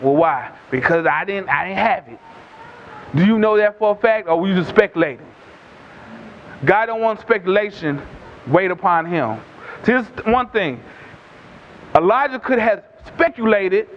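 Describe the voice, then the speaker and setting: A man's voice: animated, a little slow, pauses often, a little hiss or hum. A man preaching a sermon, retelling scripture in a conversational way and acting out the voices of the people in the story. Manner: climbs higher and louder when pressing a point. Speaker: pastor. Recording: dull lo-fi recording.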